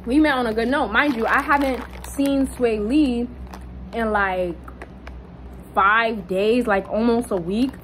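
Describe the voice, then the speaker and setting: A young woman casually telling a personal story, animated and swearing, jumping up high when she quotes people. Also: slow pace, slight background noise, rough recording. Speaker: vlogger.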